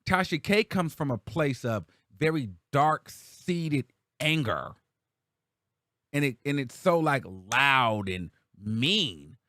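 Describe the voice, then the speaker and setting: A man's voice: mid-range voice, very animated, slow pace, bright, forceful tone, no room sound, clean studio sound. A man hosting a commentary show, talking casually in a chatty, slangy way.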